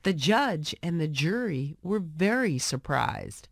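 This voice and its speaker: Slow, expressive woman reading a story. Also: low voice, vocal fry, slightly rough, dry recording, clean studio sound. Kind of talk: scripted storybook narration for English learners.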